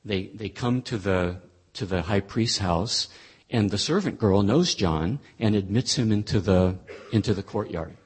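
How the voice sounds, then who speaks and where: A man with a low, husky voice teaches a Bible lesson. He talks it through conversationally, pausing and restarting as he thinks. His delivery stays plain and explanatory. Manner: thoughtful, conversational, with frequent restarts. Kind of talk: explaining a scripture passage.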